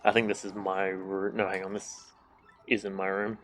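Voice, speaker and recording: A man with a fairly low voice chats his way through a game stream from a desk microphone at home. He jokes and swears freely and reads the game's lines out loud. Soft game music plays behind him. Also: completely flat delivery, moderate pace. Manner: joking and irreverent, swears, reads game dialogue aloud. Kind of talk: casual gameplay commentary.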